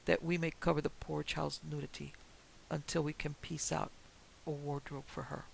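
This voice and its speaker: A woman's voice: deep voice, flat delivery, moderate pace, vocal fry, slight background noise, rough recording. A woman putting on a mocking little French detective. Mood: brisk. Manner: mocking, airy, sprinkled with French phrases.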